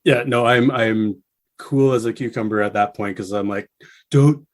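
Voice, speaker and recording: A man guest on a casual podcast, telling a story with animated bursts when he quotes people. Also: normal speed. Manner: animated storyteller, acts out quotes with rising pitch.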